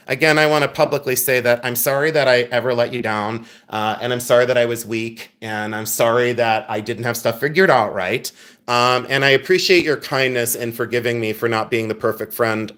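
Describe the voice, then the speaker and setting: A man's voice: mid-range voice, fairly bright tone, clean tone. A man hosting a casual livestream jewelry sale, chatty and joking, turning candid and earnest at times. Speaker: live jewelry sale host. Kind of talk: casual livestream selling chat. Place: coffeehouse.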